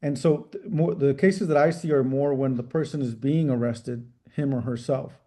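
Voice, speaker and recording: A middle-aged man, a trial attorney, answering interview questions in a measured, careful way with frequent restarts. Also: medium pitch, warm tone. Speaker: civil rights trial attorney.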